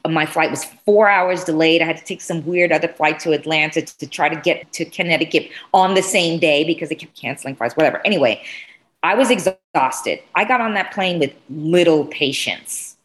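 A woman in casual chat, telling a story with lively swings and acting out what people said. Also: low voice, a little fast. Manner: animated, swearing, acts out dialogue.

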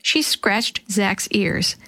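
A woman reading a children's chapter book aloud, telling the story gently and lightly voicing the characters. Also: medium pitch, expressive, drawn-out words, no echo. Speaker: storybook reader.

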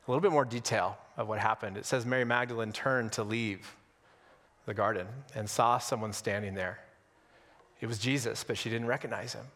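A male pastor preaching an Easter sermon in a conversational, humorous way, with dramatic pauses. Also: on the low side, fairly bright tone, long reverb tail. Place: church sanctuary on Easter Sunday.

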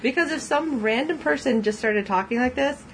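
A woman's voice: high voice, normal speed, a little hiss or hum, poor audio. A woman co-hosting a casual podcast, recapping a TV episode in a chatty way and laughing often as she quotes the characters. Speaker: podcast co-host.

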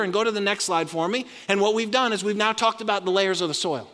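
Man, pastor, sermon, call-and-response, slightly high voice, long hall reverb. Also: fast, few pauses. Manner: animated preaching, leads congregation in call-and-response. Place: large church hall.

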